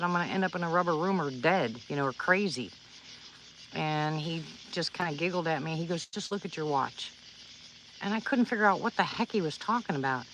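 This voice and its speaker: A woman's voice: low-pitched, a bit bright, a little hiss or hum, rough recording. A woman livestreaming outdoors at night, telling a personal story to her viewers in a rambling, earnest way, with many restarts. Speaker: livestream vlogger.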